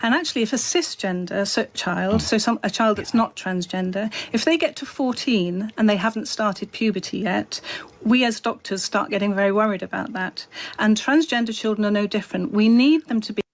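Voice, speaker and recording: A woman doctor answering interview questions in a calm, measured way, sometimes correcting herself. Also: mid-range voice.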